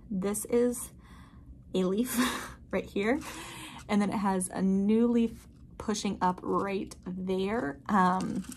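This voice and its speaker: A woman giving a casual, chatty tour of her houseplants, gushing and excited, full of filler words. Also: medium pitch, a little hiss or hum. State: a bit out of breath. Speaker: plant vlogger. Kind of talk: casual plant tour vlog. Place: indoors at a grow tent.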